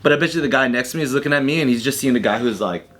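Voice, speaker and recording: Quick, bright-voiced man chatting. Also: mid-range voice, faint music behind. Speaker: podcast guest. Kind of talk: casual chat.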